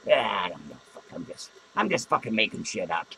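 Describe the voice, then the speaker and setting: This one sits on the low side, fairly quick with big pitch swings, in a full character voice on a low-quality recording carrying some hiss or hum. He's a man portraying a crude, drunk clown podcaster in a small studio, rambling, cursing, mocking himself and cackling in a comic rant.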